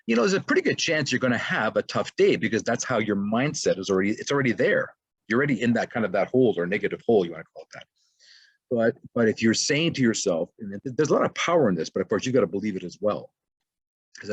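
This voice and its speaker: A man's voice: on the low side, expressive, fast talker, slightly rough, dry recording, lo-fi sound. A middle-aged man giving a motivational webinar talk, rambling loosely with many fillers and restarts. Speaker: webinar presenter.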